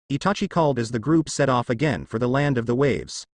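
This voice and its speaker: A man narrating a fan story in a steady storytelling way. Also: mid-range voice, a little fast, no room sound.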